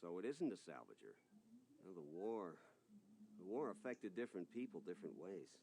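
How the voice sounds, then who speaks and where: An actor voicing a gruff, suspicious man in a video game, grumbling about a thief. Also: sits low, very animated, normal speed, warm tone, slight background noise, full character voice. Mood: wary.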